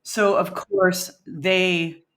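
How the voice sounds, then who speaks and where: A woman's voice: on the low side, fairly even intonation, extremely slow, fairly bright tone. A woman in a band, a podcast guest telling rambling stories in a casual, chatty way and laughing often. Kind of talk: casual storytelling.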